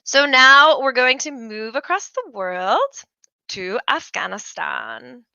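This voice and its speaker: A woman's voice: on the high side, lively intonation, slow pace, creaky, sharp tone, no echo, highs cut off. A woman hosting a political commentary show, chatty and opinionated with jokey asides. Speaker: host.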